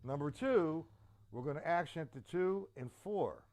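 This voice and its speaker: A man teaching a drum lesson, counting the beats aloud slowly and emphatically. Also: on the high side, lively intonation. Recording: loud drum kit over voice. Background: loud drums.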